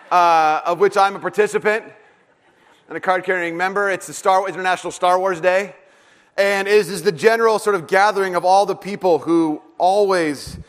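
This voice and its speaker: Male pastor, casual joking sermon delivery with lots of ums and restarts, slightly high voice, long reverb. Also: a bit bright. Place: church hall.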